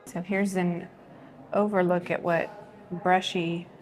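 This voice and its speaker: A woman with a fairly low voice explains the history of each room as she leads viewers along. She speaks in a steady, plain, informative way, like a casual vlog guide. Her words come across calm and even. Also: takes it slowly. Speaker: vlogger touring the prison. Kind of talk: casual tour narration.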